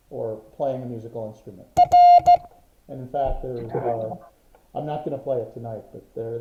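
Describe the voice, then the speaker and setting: A man teaching a Morse code class online, patiently explaining and sounding out rhythms. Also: medium pitch. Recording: roomy, dull lo-fi sound.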